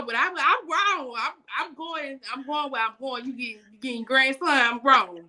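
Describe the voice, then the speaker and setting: A young woman with a bright, clear voice pitched a little high tells stories casually. She is animated and laughs often, slipping into everyday vernacular. She talks about faith and daily life as a guest. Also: moderate pace, few pauses. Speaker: guest, business owner.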